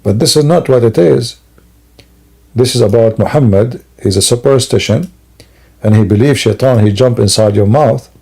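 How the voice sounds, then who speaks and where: Sleepy home streamer, man, dark gravelly voice, rambling monologue. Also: mid-range voice, moderate pace. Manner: rambling, broken grammar, many fillers. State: sleepy and yawning. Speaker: Christian apologist streamer. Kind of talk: casual live-stream monologue. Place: home, at a computer at night.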